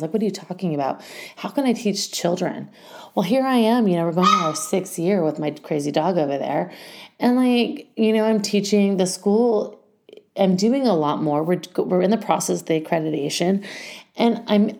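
A middle-aged woman who founded a school speaks in a lowish, gravelly, slightly mellow voice. Her podcast monologue is rambling and heartfelt, packed with fillers, and she becomes emotional.

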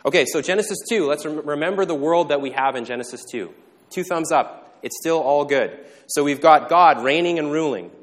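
A male pastor giving a conversational sermon, joking in quick asides and checking in with the congregation. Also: a little high. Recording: long reverb in a large hall.

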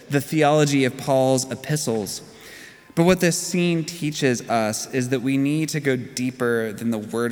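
Male pastor preaching in a reverberant hall. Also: mid-range voice. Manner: storytelling, earnest and conversational. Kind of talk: sermon.

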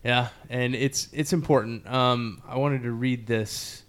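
A man's voice: mid-range voice, steady tone, a little slow, few pauses, smooth. A man hosting a podcast in casual, earnest talk, rambling with many fillers. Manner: loose, rambling, heavy on fillers; earnest and emotionally open. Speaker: podcast host. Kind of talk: casual interview chat.

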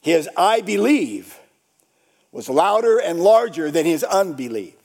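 A man's voice: a little high, very animated, moderate pace. Dramatic man preaching a sermon. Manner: dramatic, swings from shouts to hushed whispers; repeats phrases for emphasis. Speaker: pastor.

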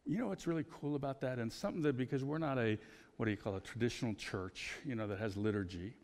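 Gravelly pastor preaching in a reverberant hall. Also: male voice, mid-range voice, quick pace. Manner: conversational storytelling, animated. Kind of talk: sermon.

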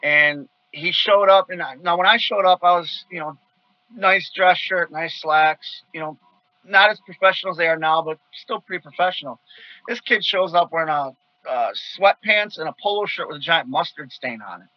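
A man's voice: fairly high pitch, normal speed, no echo, lo-fi sound. A man from Wisconsin telling casual stories as a guest, acting out the quoted voices with energy. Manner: animated, acts out quoted voices loudly. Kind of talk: casual storytelling.

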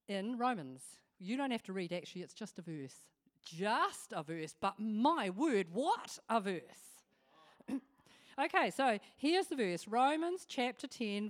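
A woman giving an informal devotional talk, chatty and animated, with humorous asides. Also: medium pitch. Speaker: devotional speaker.

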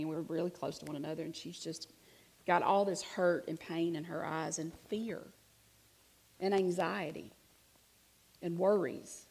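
Woman preaching, kinda raspy and breathy, talks like she's just telling you a story, gets loud then quiet. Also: lowish voice. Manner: conversational, swings from hushed to emphatic. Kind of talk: sermon storytelling.

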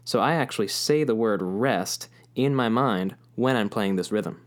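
A man's voice: fairly low pitch, a little slow. A man teaching a music lesson, patiently explaining rhythms and chanting rhythm syllables aloud.

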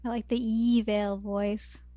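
A woman's voice: mid-range voice, level tone, slow, mellow, no echo. A woman co-hosting a podcast in casual chat, chiming in and laughing often. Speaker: podcast co-host.

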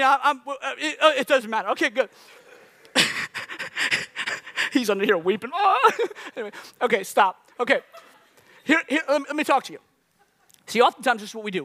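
A man preaching a sermon to his congregation, animated and joking with the crowd between points. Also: high voice. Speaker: pastor. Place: church.

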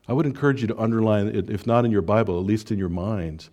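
A man preaching an expository sermon, reading scripture and slowing down to stress key phrases, rising to emphatic exhortation. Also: on the low side, mellow. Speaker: pastor.

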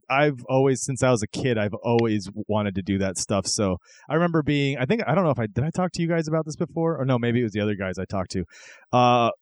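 A man in a relaxed podcast chat, his pitch rising and falling a lot as he muses and circles back on himself. The sound is close and dry, with no room echo. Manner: chatty, reflective, lots of restarts. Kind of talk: casual chat.

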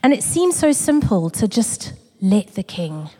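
A woman sharing a personal testimony in a sermon, earnest and emotional, building through repetition and dropping to a hush. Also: medium pitch, sing-song, measured pace. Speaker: church community speaker. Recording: long reverb of a large hall.

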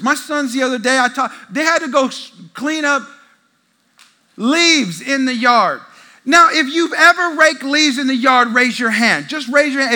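A man preaching a sermon with humor, telling family stories and talking directly with the congregation. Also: extremely high pitch. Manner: animated, acts out family scenes; talks with the congregation. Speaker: pastor.

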